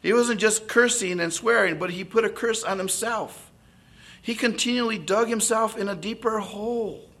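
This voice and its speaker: A man's voice: sits high, moderate pace, fairly bright tone. A man preaching an expository sermon, often checking in with listeners through tag questions.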